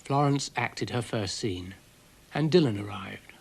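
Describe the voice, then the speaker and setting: A British man giving a gentle, dry storybook narration for a children's cartoon. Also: lowish voice, a little slow, creaky, breathy edge.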